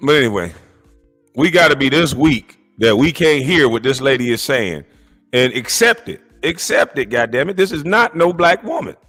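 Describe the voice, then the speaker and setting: A man streaming a profane comedic rant as he reacts to clips, incredulous and mocking, often shouting. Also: medium pitch, big pitch swings, moderate pace, soft background music.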